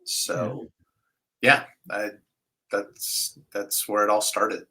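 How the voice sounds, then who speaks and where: A middle-aged guest vocalist chats casually and relaxed in an interview, with lots of fillers and soft phrases that trail off. His voice is fairly low and extremely slow, on a rough recording.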